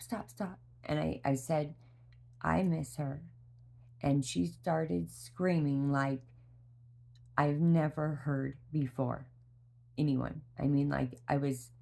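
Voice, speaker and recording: Tired, low, gravelly-voiced woman telling a story. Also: mellow. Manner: rambling and heartfelt, with many restarts and fillers. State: exhausted. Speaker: mother sharing a parenting story. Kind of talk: candid personal storytelling vlog.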